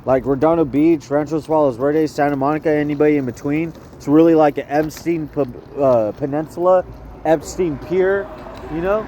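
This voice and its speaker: A man's voice: a little high, fairly even intonation, normal speed, mellow, a little hiss or hum. A young man ranting outdoors in a rambling, profane way, often repeating himself and restarting his sentences. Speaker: vlogger. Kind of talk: rambling rant.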